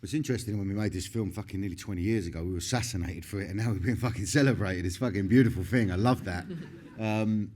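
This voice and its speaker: A man's voice: on the low side, fast talker, a little mellow. A middle-aged man, talking in a candid stage interview, swearing constantly, laughing often and restarting his sentences. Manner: profane, laughing, rambling with many restarts.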